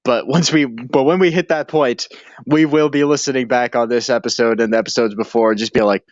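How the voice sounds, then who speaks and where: A man co-hosting a casual podcast who speaks at mid pitch. He is laid-back and rambling, and laughs often. The recording is dull and dry. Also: fairly even intonation, brisk, dry recording. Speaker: podcast co-host. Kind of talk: casual chat.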